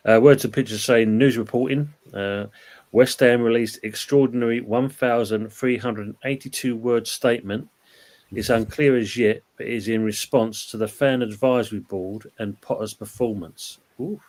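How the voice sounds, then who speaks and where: A man hosts a casual football chat on a live stream, rambling along chattily and reading out viewer comments. His medium-pitched voice has a darkish tone and fairly even intonation at a moderate pace.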